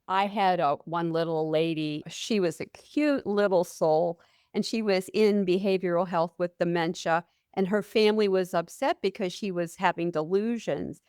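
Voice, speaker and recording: A woman's voice: on the low side, normal speed, darkish tone, smooth, dry recording, clean studio sound. A middle-aged woman, a nurse hosting a podcast, asking questions and telling anecdotes from her nursing work. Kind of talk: conversational podcast interview.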